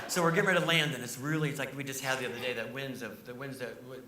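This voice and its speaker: A middle-aged man, a comedian guest, telling animated anecdotes and laughing as he talks. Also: medium pitch, heavy background noise. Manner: fast, excitable, laughing anecdotes. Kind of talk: animated storytelling. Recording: echoey room, distant mic.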